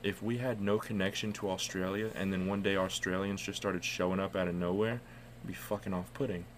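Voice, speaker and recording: Man, deep voice, casual podcast chat, rambling profane storyteller. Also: steady tone, brisk, slight background noise. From United States. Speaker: podcast co-host.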